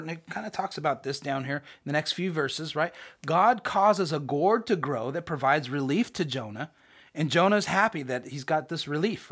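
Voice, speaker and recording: A Bible teacher leading a recorded study session, animated and folksy, who often checks in with listeners by asking "right?". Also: mid-range voice, breathy edge. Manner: animated, acts out scripture characters, folksy slang.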